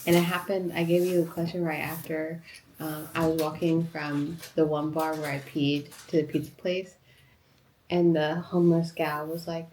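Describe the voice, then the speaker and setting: A woman from New York tells a short story in a relaxed, plain-spoken way. Her voice sits a little low for a woman. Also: moderate pace, low-quality recording. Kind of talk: casual storytelling.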